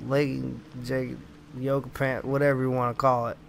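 A man's voice: medium pitch, little pitch movement, normal speed, creaky, slight background noise. A young man giving casual, joking commentary over a video game, with rambling asides. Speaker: let's play host. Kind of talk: gameplay commentary.

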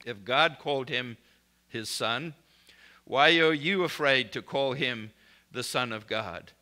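A man's voice: mid-range voice, slow pace, pushed and bright. A man preaching a recorded sermon in an emphatic, declarative way, speaking blessings and prayers over his listeners.

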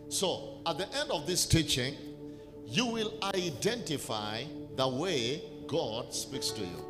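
A man's voice: a little high, big pitch swings, takes it slowly. A man, preaching a sermon as a bishop in an emphatic, repetitive call-and-response manner. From Kenya. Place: large church hall. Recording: reverberant church hall with music.

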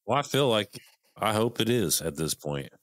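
A very deep-voiced man co-hosting a podcast, laid-back and salty, with swear words falling easily into his casual chat. The recording is dry and close. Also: big pitch swings, normal speed, no room sound. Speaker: podcast co-host.

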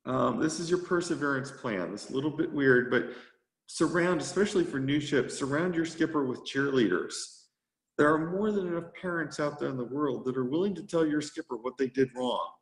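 A man who leads a youth sailing group, giving a brisk, upbeat motivational talk to a meeting. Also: on the high side, echoey room, low-quality recording. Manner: brisk and upbeat, rushing to fit his time. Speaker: sea scout skipper giving a presentation.

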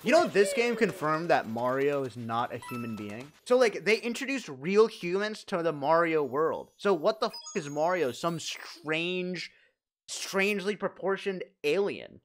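A man's voice: on the high side, animated, measured pace. A young man streaming a game from home, chatting in a crude, joking, rambling way. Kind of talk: casual gaming stream chat.

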